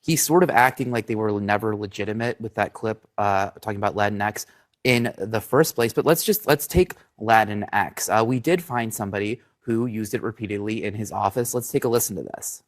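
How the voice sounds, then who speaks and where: Steady-voiced male pundit breaking down a story. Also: fairly low pitch, a little fast. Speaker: commentator. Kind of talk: news commentary.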